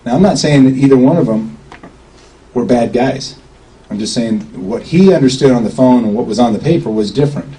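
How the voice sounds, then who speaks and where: A man's voice: medium pitch, fairly quick, mellow. A man giving an informal talk to a group standing around, chatty and often checking in with an "okay?". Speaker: speaker at a gathering. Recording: distant mic with faint background noise.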